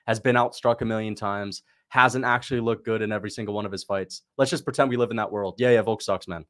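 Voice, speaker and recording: Man, casual live-stream fight reactor, mid pitch, chatty, prone to excited outbursts. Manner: excitable, talks to chat, sudden shouts at big moments. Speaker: livestream host reacting to fights.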